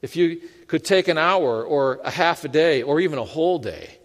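Male pastor, sermon delivery; higher register, conversational, self-deprecating humor; reverberant sanctuary. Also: expressive, moderate pace. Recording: long hall reverb.

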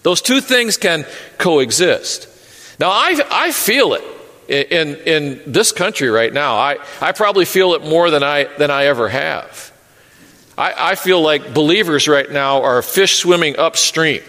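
Male pastor, earnest sermon with jokes; bright tone, reverberant sanctuary. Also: a little high, animated, unhurried. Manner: earnest, repeats words, light humor. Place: church sanctuary.

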